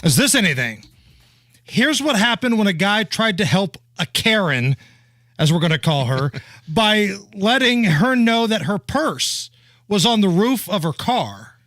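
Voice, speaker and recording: A man's voice: sits high, very animated, measured pace, fairly bright tone, dry recording, clean studio sound, soft background music. A man with a Midwest American accent co-hosting a talk radio show, telling stories wryly and confidently. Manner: wry, confident storytelling. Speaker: radio co-host. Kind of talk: casual talk radio banter. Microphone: studio microphone.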